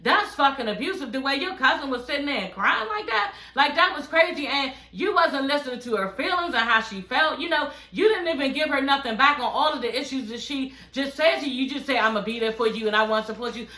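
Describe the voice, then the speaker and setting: A woman's voice: high-pitched, a little fast, few pauses. Brash, profane woman recapping TV. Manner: brash, profane, animated storytelling. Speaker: recap vlogger. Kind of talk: casual reality TV recap. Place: living room. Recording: echoey room.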